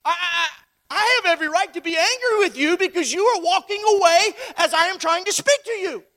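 An exasperated mother pleads in rushed bursts, as a preacher puts her on. The tone is high and bright, with indignant questions. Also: big-room sound.

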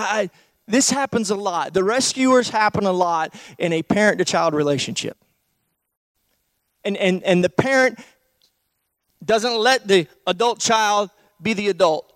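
A male pastor preaching a sermon, emphatic, full of rhetorical questions and swings from loud to hushed. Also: high voice, dry recording.

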